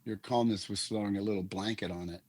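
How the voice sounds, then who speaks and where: An older man with a low, somewhat husky voice speaks as a guest in a conversational interview. He is earnest and reflective, and he explains ideas through vivid analogies. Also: fairly even intonation, fast talker, darkish tone. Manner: earnest, uses images and analogies. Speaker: guest, leadership coach.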